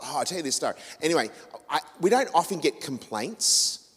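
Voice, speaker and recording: A man's voice: fairly high pitch, sing-song, brisk, breathy edge. A man with an Australian accent, a radio host giving a chatty, rambling talk to a church audience with many fillers and restarts. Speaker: radio host and guest speaker. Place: church hall. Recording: reverberant church hall.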